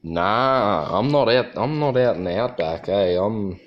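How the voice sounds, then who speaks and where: A man's voice: fairly low pitch, expressive, a little slow, muffled recording. An Australian man hosting a livestream, talking in a rambling, profane, joking way. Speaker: livestream host. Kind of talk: casual livestream chat.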